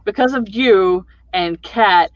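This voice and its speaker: A man's voice: sits high, slow, no echo. Rambling man on a dull, dry mic. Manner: rambling, folksy storyteller with fillers. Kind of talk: casual chat.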